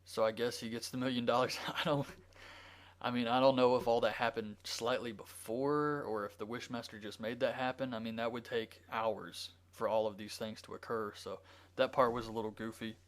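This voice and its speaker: A man's voice: mid-range voice, steady tone, moderate pace. Man casually recapping a movie plot. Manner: rambling, with frequent ums and likes. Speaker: movie reviewer.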